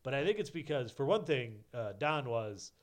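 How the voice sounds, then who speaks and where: A man's voice: mid-range voice, very animated, normal speed. A man co-hosting a podcast in casual chat, laughing often and rambling as he corrects himself. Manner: giggly, rambling, self-correcting. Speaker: podcast co-host.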